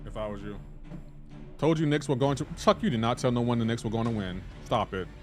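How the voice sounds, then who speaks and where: A man's voice: medium pitch, a little fast, darkish tone, soft background music. A man streaming a game live, chatting casually and playfully indignant as he banters with his chat.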